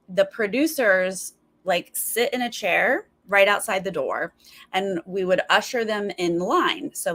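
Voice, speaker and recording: A woman's voice: medium pitch, gravelly, a bit bright. A woman hosting a live stream, chatting casually with viewers and mimicking other people's voices in her stories. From Los Angeles. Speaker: live stream host reacting to a TV show.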